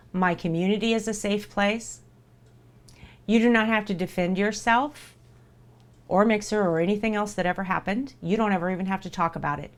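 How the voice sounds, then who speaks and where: A woman streamer talking live to her viewers in an earnest, reassuring way, repeating herself for emphasis. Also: mid-range voice.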